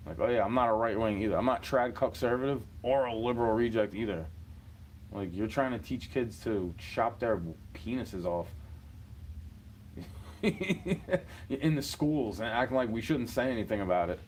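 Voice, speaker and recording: A man's voice: medium pitch, normal speed, darkish tone, slight background noise. A man in his thirties from New York City, ranting in a rambling, profane monologue and chuckling between points.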